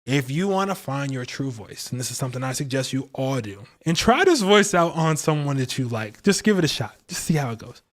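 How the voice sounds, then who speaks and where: A man's voice: mid-range voice, big pitch swings, brisk, few pauses. A man casually talking through a livestream tarot reading, playful and slangy, breaking off to laugh and greet viewers. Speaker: astrology and tarot streamer.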